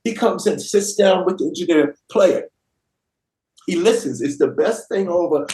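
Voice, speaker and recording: A guest rapper in his fifties tells an animated story full of slang, acting out the voices of those he quotes. His voice is high-pitched and mellow, fairly quick, and the recording sounds roomy and echoey.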